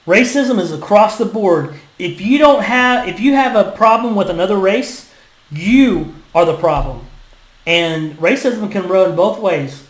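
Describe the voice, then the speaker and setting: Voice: medium pitch, animated, measured pace. Fired-up vlogger in an echoey room. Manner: fired up, emphatic, swings between loud and hushed. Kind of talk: impassioned opinion rant.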